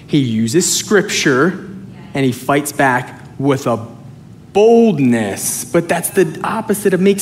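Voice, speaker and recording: A male pastor preaching a sermon, animated and joking, swinging between loud and soft. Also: mid-range voice, slight background noise. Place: church sanctuary with congregation.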